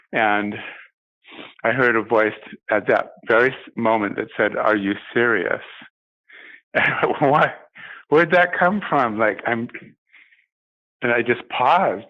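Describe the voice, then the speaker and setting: An older man giving a personal testimony as an interview guest, speaking haltingly with many pauses and restarts. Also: lowish voice, highs cut off.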